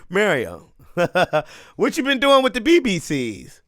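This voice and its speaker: An American man hosting a reaction video, cracking loud slangy jokes over the clip. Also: high voice, wildly swooping pitch, slow pace, no room sound, studio quality. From United States. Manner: loud, joking, slangy interjections. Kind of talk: casual reaction commentary.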